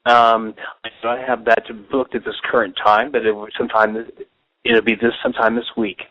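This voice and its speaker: A man's voice: medium pitch, little pitch movement, moderate pace. A man hosting a solo call-in show as a psychic advisor, rambling with many fillers and restarts as he leads a guided meditation. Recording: tinny phone-line sound, dry.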